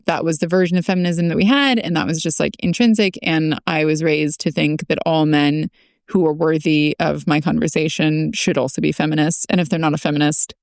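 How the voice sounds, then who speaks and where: Gravelly low-voiced woman chatting. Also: steady tone, fairly quick, no echo, studio quality. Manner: reflective, loose and chatty. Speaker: podcast co-host. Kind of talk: casual conversational chat.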